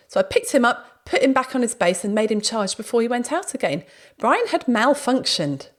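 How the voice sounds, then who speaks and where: A woman hosting a podcast, telling anecdotes in a lively, casual way. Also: on the high side, normal speed. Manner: lively storytelling, acts out quoted speech. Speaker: podcast host.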